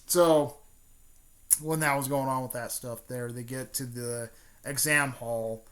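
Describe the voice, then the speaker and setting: A man's voice: medium pitch, fairly even intonation, slow pace, long pauses. A man casually retelling a fan story, rambling with many fillers and restarts.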